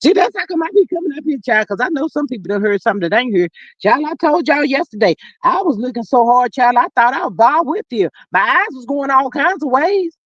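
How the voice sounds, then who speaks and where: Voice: high-pitched, a little fast, no room sound. A live stream host reading viewer comments aloud in casual, sassy chat full of endearments. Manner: animated, sassy, drawling endearments. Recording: dull lo-fi dry audio.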